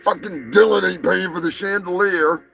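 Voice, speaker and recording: A man hosting a live show, ranting crudely and swearing constantly, with bursts of shouting. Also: high-pitched, moderate pace, vocal fry, faint music behind. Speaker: show host. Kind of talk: profane live-stream rant.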